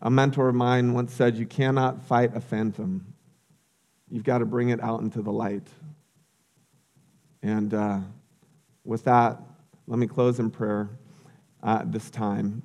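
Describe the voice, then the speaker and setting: A man's voice: medium pitch, little pitch movement, measured pace, vocal fry, pauses often, a little mellow. A man preaching as a pastor, earnest and repeating key phrases, then closing in prayer.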